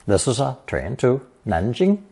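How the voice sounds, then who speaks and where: A man narrating a scripted language lesson, explaining characters slowly and reading example sentences. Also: medium pitch, big pitch swings, vocal fry, mellow, husky. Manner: slow, measured explanations with example sentences read aloud. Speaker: language teacher.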